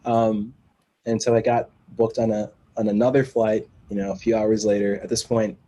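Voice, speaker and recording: A man guesting on a podcast, telling a long story in a casual, animated way and acting out the other people in it. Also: on the low side, moderate pace, rough recording. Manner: animated storyteller who acts out quoted voices and laughs between lines.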